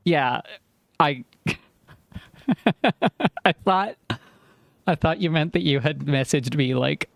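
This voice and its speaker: A man's voice: on the high side, takes it slowly, gravelly, long pauses, no room sound. A man live-streaming a puzzle game, thinking aloud as he works through problems and apologizing for sounding snappy. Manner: apologetic and self-aware. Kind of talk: live-stream commentary while playing.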